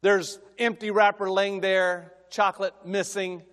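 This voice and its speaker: A middle-aged man preaching in a lighter, higher register, spinning folksy family stories that swell into emphatic calls. His voice rings out with a long reverb trailing behind every phrase, as in a large sanctuary. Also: level tone, unhurried, fairly bright tone. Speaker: guest preacher.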